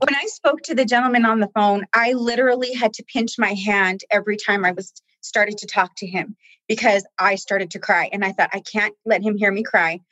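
A woman in a conversational interview, speaking earnestly and with deep feeling about the people she helps. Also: steady tone, a little fast, fairly bright tone, no echo, rough recording. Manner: heartfelt, tearful at times, earnest. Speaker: staff member guest.

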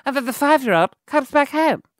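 A chatty lady in her eighties, as a man puts her on, gossiping in a casual, matter-of-fact tone. Her voice sits a little higher than his own and is recorded close and dry. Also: lively intonation, fairly quick, dry recording. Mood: casually gossiping.

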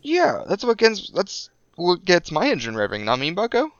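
A man co-hosting a comedy podcast, talking in halting starts between bursts of laughter. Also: high voice, huge pitch swings, no echo, muffled recording. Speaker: podcast co-host. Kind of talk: casual comedy podcast banter.

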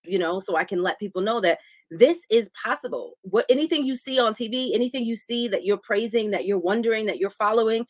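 A woman's voice: medium pitch, fairly quick, dry recording. Encouraging woman podcast host, dry sound. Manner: warmly affirming, encouraging responses. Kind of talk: casual interview chat.

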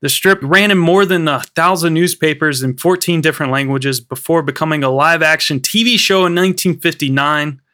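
A man's voice: on the high side, brisk, few pauses, bright, forceful tone. A man co-hosting a film podcast, recounting film history in a rambling way with many fillers. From United States. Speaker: podcast co-host. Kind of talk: casual film podcast chat.

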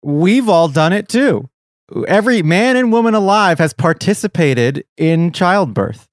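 Man, fairly high voice, dry close sound, podcast co-host, joking asides. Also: lively intonation, measured pace, dry recording. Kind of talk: casual chat.

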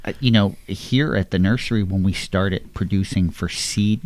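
A man co-hosting a podcast in a relaxed, casual way, using lots of fillers. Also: low-pitched, normal speed, no echo. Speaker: podcast co-host, nursery worker. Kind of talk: casual conversation.

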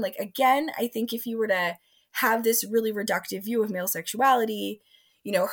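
A woman who is a sex educator and relationship coach, talking in an interview, with lively delivery and frequent acted-out quotes. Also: mid-range voice. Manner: expressive, acts out quoted voices. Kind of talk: animated interview talk.

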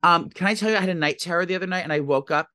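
A man with a New Jersey accent co-hosting a podcast, chatting casually in a fast, rambling way with swearing. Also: high voice, sharp tone, no echo, clean studio sound. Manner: fast, rambling, swearing, acts out voices in stories. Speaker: podcast co-host. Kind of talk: casual chat.

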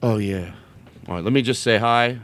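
A man hosting a comedy podcast, rambling loudly, laughing often and slipping into silly voices. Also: medium pitch, moderate pace, slight background noise. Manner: loud, laughing, jumps between bits and silly voices. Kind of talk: rambling comic banter.

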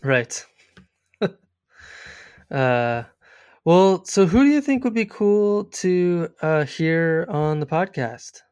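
A man hosting a podcast interview, easygoing and quick to laugh. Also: fairly high pitch, very animated, a little mellow, clean tone, dry recording, clean studio sound. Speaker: podcast host. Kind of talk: casual interview chat.

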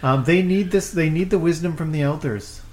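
A man's voice: fairly high pitch, moderate pace, a little mellow, roomy sound, slight background noise. A man hosting an interview, speaking hesitantly with repeated words and affirming the guest. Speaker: podcast host. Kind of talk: casual interview chat.

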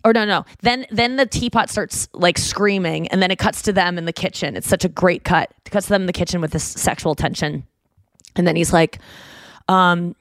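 A woman's voice: lowish voice, fairly even intonation, a little fast, dry recording. A woman in her thirties hosting a podcast, chatting casually and rambling with lots of fillers and restarts. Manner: rambling, many fillers and restarts, acts out movie lines. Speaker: podcast host. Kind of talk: casual chat.

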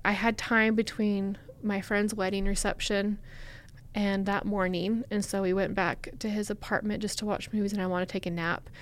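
A young woman speaking candidly and haltingly as a guest in a podcast interview, with many fillers. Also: mid-range voice, level tone. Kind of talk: personal storytelling in a podcast interview.

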